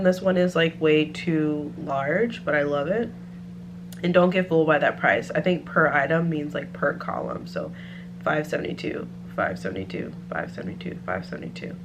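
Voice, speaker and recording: A woman's voice: low voice, background noise. A woman vlogger in casual chat, talking through home decor picks and thinking aloud with lots of "like" and "um".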